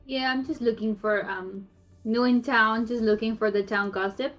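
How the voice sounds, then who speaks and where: A woman's voice: fairly high pitch, fairly even intonation, moderate pace, faint music behind. A woman playing a cleric in a tabletop game, asking blunt, incredulous questions. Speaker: player. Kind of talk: in-character tabletop play.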